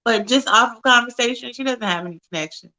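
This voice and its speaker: Woman, co-host, casual chat, emphatic, repeats herself, higher pitch. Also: quick pace, pushed and bright, low-quality recording. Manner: emphatic agreeing, repeats her points.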